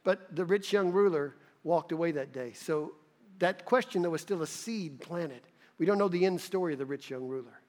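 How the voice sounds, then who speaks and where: A man's voice: a little high, moderate pace, a little mellow, big-room sound. A male pastor preaching a sermon in an earnest manner that rises to emphatic peaks.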